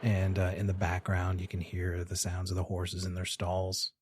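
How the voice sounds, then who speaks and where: A man narrating a tabletop game as game master, describing scenes in an unhurried way. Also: deep voice, completely flat delivery, noisy background.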